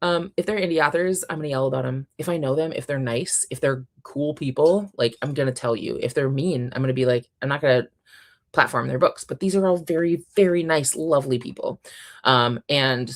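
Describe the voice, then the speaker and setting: A woman's voice: very deep voice, fairly quick. A young woman hosting a casual book livestream, reading out chat messages and gushing with frequent laughs and ums. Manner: chatty, gushing, laughs often, many ums.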